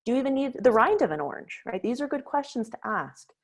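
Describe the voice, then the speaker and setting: A woman leading a webinar on conflict resolution, explaining ideas clearly and telling a story to make her point. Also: a little high, big pitch swings, fast. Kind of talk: webinar lecture. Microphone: webinar microphone.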